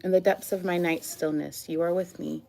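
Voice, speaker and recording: A woman reading her own love poems aloud in a soft, earnest, slow and tender way. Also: on the low side, fairly even intonation, gravelly.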